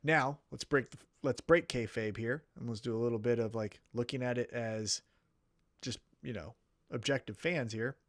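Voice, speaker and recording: A man's voice: mid-range voice, normal speed, a bit bright, no echo, studio quality. A man co-hosting a wrestling podcast in casual chat, talking with profanity and acting out mock quotes.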